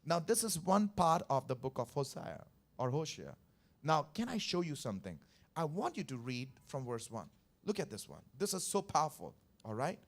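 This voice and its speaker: Here a pastor from India gives his Sunday sermon during a church service, his voice a little high with big pitch swings at a moderate pace. Emphatic and repetitive, he keeps asking the congregation questions.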